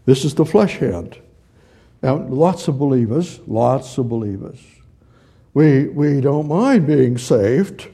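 A man's voice: medium pitch, expressive, takes it slowly, dark tone, breathy edge. A man preaching a sermon, reading scripture aloud, repeating phrases and putting questions to his listeners. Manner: repetitive, asks the audience questions and reads scripture aloud; gestures with hands while teaching.

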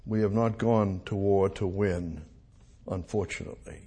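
An older man preaching a rambling, animated sermon full of rhetorical questions to a congregation. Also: low voice, a little slow, slightly rough.

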